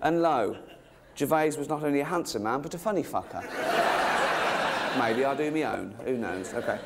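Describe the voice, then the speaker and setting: English male comic, mid-range voice, mock-serious stand-up with excited bursts, noisy live room with laughter behind. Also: medium pitch, vocal fry. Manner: mock-earnest, halting with ums, bursts into giddy excitement. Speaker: stand-up comedian. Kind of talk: stand-up comedy routine. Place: live comedy stage.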